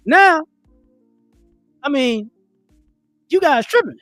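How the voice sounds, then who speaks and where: Speaking at a normal pace, a man with a very high, fairly bright, animated voice delivers an opinionated rant on his home livestream. He emphasizes points, repeats himself, and now and then adopts mocking voices, over a dry recording with faint music.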